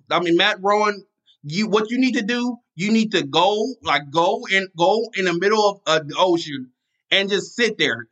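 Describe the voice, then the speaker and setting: Heated podcast host, bright and fiery. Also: male voice, sits high. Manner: angry, repetitive, many restarts and fillers. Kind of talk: casual solo podcast rant.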